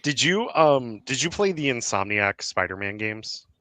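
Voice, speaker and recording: He has a bright, sharp voice that swings lively up and down as he chats about games. The sound is dry and close, and he laughs easily. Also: medium pitch, dry recording. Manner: animated, quick to laugh, swoops up for effect. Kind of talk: casual gaming chat.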